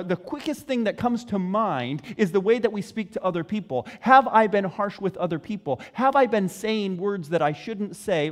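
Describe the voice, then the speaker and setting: A man with a high voice preaches with earnest, searching questions and deliberate pauses. His voice rings with a long reverb. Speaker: pastor. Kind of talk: sermon.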